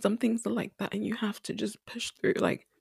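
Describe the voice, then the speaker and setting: A woman's voice: mid-range voice, flat delivery, moderate pace, vocal fry, darkish tone, husky, no echo. A young woman hosting a podcast, talking candidly and earnestly about confidence and anxiety, repeating herself for emphasis and close to tears at times. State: tearful at times. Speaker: podcast host. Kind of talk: candid solo podcast talk.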